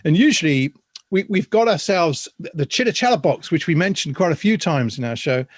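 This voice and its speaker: A man hosting a podcast, talking with a slightly raised pitch in a rambling, hesitant way. His voice is dry and close, with no room sound. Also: lively intonation, fairly quick, dry recording. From Ireland. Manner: rambling, hesitant, laughs easily. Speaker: podcast host. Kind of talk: reflective podcast chat. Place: video call.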